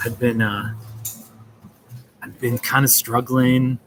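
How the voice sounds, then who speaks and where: A man's voice: medium pitch, level tone, slow, background noise. A man chatting casually on a live stream from a coffee shop, greeting viewers by name in a playful, chuckling way.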